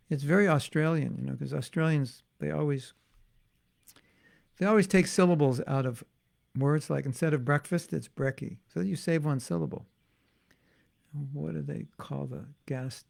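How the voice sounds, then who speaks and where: A man's voice: a little high, gravelly, a little mellow. A man giving an informal devotional class as a spiritual teacher, talking in a musing, conversational way with frequent restarts and asides.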